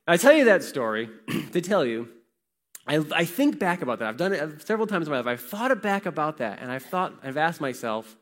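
Lively male pastor in a reverberant hall. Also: fairly high pitch, a little fast. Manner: conversational storytelling with questions to the congregation. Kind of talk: sermon. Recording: long reverb of a large hall.

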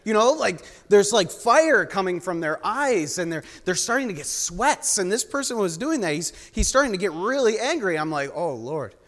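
High-voiced young man preaching in a hall. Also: lively intonation, normal speed, few pauses, a bit bright. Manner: storytelling, joking with the congregation. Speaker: guest preacher. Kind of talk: sermon. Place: church sanctuary. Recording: long reverb of a large hall.

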